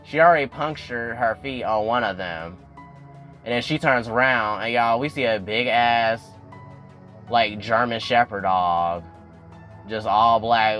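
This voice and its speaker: A young man casually recapping a TV episode, addressing viewers directly and getting animated as he goes. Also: a little slow, faint music behind. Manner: animated, addresses viewers as y'all, swings up in pitch when excited. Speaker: YouTube recap host.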